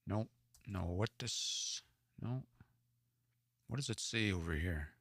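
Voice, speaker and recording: Male livestream host from Edmonton, slow and tentative, low voice, translating as he reads. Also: lively intonation, fairly bright tone, dry recording, studio quality. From Edmonton area, Alberta, Canada. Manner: thinking aloud, tentative, sounding out words. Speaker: livestream host reading Cree stories. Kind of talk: reading aloud and translating word by word.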